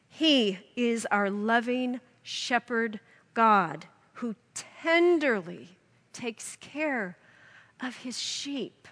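A woman's voice: on the high side, fairly bright tone, in a large hall. A woman giving an earnest devotional Bible teaching, reading scripture aloud to her listeners.

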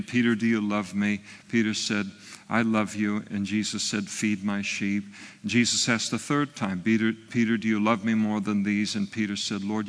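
A man's voice: on the low side, fairly bright tone, big-room sound. A man preaching a sermon, retelling a story in a conversational way with frequent fillers and restarts. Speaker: pastor.

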